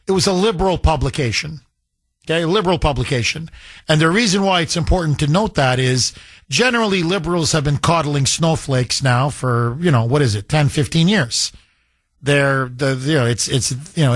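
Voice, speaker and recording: A man on talk radio, his voice pitched high for a man, with a dry, close studio sound. He rants emphatically, circles back over his points and mocks people in put-on voices. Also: a bit bright, no echo. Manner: emphatic, repeats himself, mocking put-on voices.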